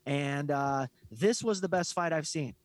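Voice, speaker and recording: Brief: a ranting podcast co-host, a man with a slightly high voice, blunt and profane, in a dry room. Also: unhurried, no room sound. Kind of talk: casual chat.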